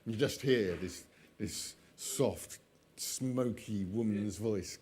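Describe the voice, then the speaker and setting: A man's voice: fairly low pitch, slow, darkish tone, husky. A man telling an old myth, drifting into chatty asides and laughing often at his own jokes. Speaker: storyteller. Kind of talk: oral storytelling with chatty asides.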